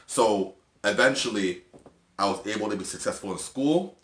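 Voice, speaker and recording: A middle-aged man sharing his personal testimony in an earnest, halting, emotional way, with restarts and soft laughs. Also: fairly low pitch, echoey room. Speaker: video host.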